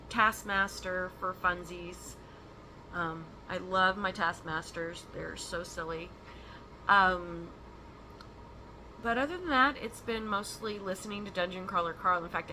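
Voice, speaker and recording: A woman's voice: on the low side, background noise. A woman hosting a stitching vlog from home, chatting casually and rambling with frequent ums and laughs. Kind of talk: casual chat.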